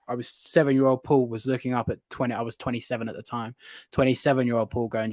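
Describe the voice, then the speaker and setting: British man, late 20s-30s, excitable guest storyteller, dry close mic, mid-range voice. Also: mid-range voice, quick pace, no room sound. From United Kingdom. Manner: excitable, animated storyteller who often laughs mid-sentence. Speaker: guest reptile keeper. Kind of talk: casual storytelling chat.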